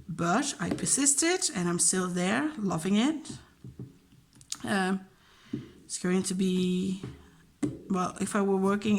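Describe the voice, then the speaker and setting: A woman, a teacher chatting casually and openly about her job, with many fillers and acted-out quotes. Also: medium pitch. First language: Dutch. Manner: chatty, emotional, acts out quoted dialogue. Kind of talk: casual chat.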